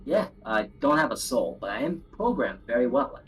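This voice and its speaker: A man's voice: mid-range voice, very animated, normal speed, slightly rough. A man voicing a cocky male AI that lives in a robot's head, in a smug, offhand tone during a tabletop role-play.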